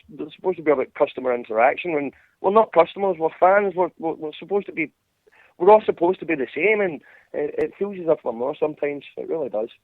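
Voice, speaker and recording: A man's voice: fairly high pitch, dry recording. A Scottish man chatting casually and profanely, rambling with many restarts, as a podcast host. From Scotland. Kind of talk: casual chat over a call. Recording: tinny phone-line sound.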